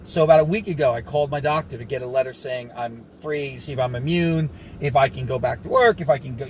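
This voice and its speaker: A man's voice: a little high, a little mellow, a little hiss or hum, poor audio. A man ranting casually to camera, rambling and sarcastic with lots of asides, a little short of breath. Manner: rambling, sarcastic, fast-talking with frequent asides. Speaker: vlogger recovering from covid.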